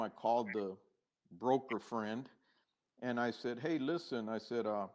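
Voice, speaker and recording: Reflective middle-aged man telling his story. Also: medium pitch. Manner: unhurried and reflective, with hesitations and restarts; acts out past dialogue. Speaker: podcast guest. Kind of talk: conversational storytelling.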